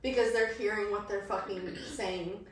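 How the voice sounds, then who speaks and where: A woman's voice: mid-range voice, fairly even intonation, moderate pace. A young woman co-hosting a podcast, chatting casually, blunt and swearing freely, often laughing. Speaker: podcast co-host. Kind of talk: casual chat. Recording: echoey room, mic at a distance, faint noise.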